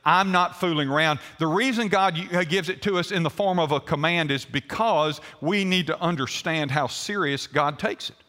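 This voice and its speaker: An older man preaches a sermon in a folksy style, turning to the congregation with questions. His voice is bright and sits a little high. It rings with long reverb from the church hall. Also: normal speed, hardly any pauses. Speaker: pastor. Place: church sanctuary.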